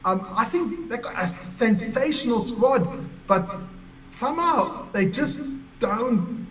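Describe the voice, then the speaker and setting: A man from South Africa co-hosting a rugby chat, measured and a bit hesitant. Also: extremely high pitch, animated, a bit bright. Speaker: rugby show co-host. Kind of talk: casual chat.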